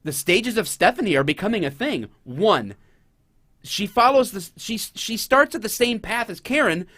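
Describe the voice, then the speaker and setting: Sarcastic middle-aged male host, lively pitch, dry close sound. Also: moderate pace, no room sound. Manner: animated, sarcastic. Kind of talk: casual commentary.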